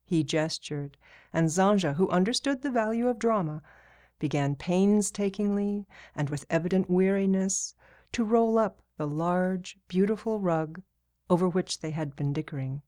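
A woman reading a novel aloud as narrator in a steady, even way. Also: on the low side, normal speed. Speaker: audiobook narrator. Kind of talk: scripted narration.

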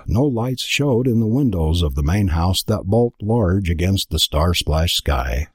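A man giving a dramatic, expressive scripted narration of a storybook. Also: low-pitched, a little slow, slightly rough, no echo, studio quality. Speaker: audiobook narrator.

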